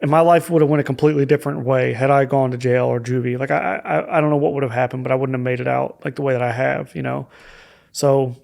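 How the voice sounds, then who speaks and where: A man's voice: mid-range voice, fairly even intonation, quick pace, creaky, darkish tone. A young adult man telling his own life story as a guest on a podcast, candid and reflective, with frequent hesitant fillers. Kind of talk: personal story in a podcast conversation.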